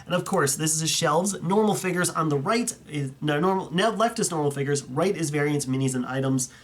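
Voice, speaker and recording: An enthusiastic young man with a fairly high voice, talking loosely and excitedly, often stopping to correct himself mid-sentence. His speech is casual and unscripted, like a friendly video commentary. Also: brisk. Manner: chatty, enthusiastic, rambling with self-corrections. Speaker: YouTuber reviewing fan collections. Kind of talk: casual commentary over viewer photos.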